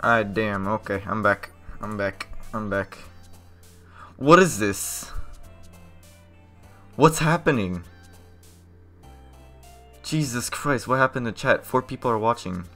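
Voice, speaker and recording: A man streaming a game live, reacting loudly with a lot of swearing and nervous outbursts. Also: on the low side, slow pace, long pauses, faint music behind. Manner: loud, profane, jumpy reactions. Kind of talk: live gameplay commentary.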